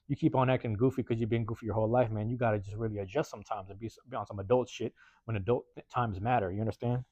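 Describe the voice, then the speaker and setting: A man's voice: fairly low pitch, rapid-fire, no echo. A man from the US West Coast, hosting a podcast in a casual storytelling monologue. He talks in slang and profanity, keeps tagging "man" and "bruh", and slips into put-on voices for the people he quotes. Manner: acts out quoted neighbors in lively put-on voices. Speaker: podcast host. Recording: dull, dry close recording.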